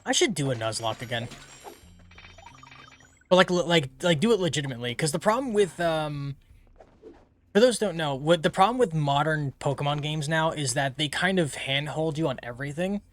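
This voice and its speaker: A man's voice: a little high, lively intonation, moderate pace. A man streaming a video game, rambling chattily through casual commentary. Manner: rambling, many fillers, chatty.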